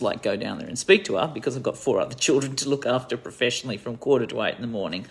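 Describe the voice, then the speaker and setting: A woman's voice: rumbling low, creaky. An Australian woman giving an indignant, rambling monologue to camera, telling her story with heavy emphasis. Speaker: activist vlogger.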